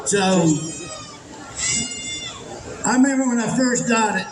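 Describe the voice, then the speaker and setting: A man's voice: very high voice, takes it slowly, crowd noise. A man doing live stand-up, telling stories with a drawling, folksy delivery. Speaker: stand-up comedian. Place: large indoor event venue. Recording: echoey venue with background noise.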